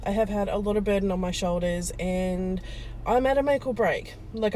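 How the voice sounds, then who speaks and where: A woman's voice: medium pitch, dark tone, echoey room, a little hiss or hum. A woman in her thirties, a small business owner, chatting candidly and emotionally in a casual vlog, swearing freely. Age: 30s.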